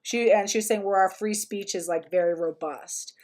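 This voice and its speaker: A woman's voice: medium pitch, fairly even intonation, normal speed, darkish tone. A young woman hosting a casual livestream, talking in a chatty, sarcastic way with lots of "like" fillers. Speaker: livestream host.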